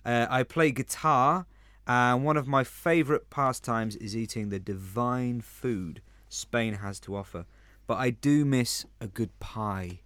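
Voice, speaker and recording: A man's voice: mid-range voice, a little slow, a bit bright, no room sound. A man from London co-hosting a podcast, explaining customs with dry humour. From England (London). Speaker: podcast co-host. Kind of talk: casual scripted podcast chat.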